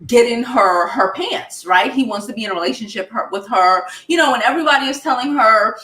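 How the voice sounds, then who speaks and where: A woman with a Brooklyn accent riffs through casual pop culture commentary, blunt and profane, her voice bright and a touch high. She sounds like she is in an echoey room. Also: brisk. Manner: blunt and profane, animated retelling.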